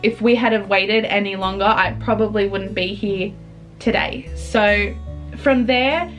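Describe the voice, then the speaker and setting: A young woman, telling a personal story in an earnest, halting way, with restarts. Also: medium pitch, steady tone, fairly bright tone, faint music behind.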